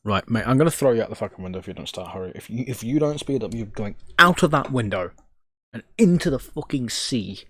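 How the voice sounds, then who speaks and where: A man's voice: mid-range voice, lively intonation, a bit bright, slightly rough. A man streaming live, talking to himself, exasperated and joking, swearing freely. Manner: exasperated, muttering at a slow computer. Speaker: Linux livestreamer. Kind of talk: casual live-stream self-talk.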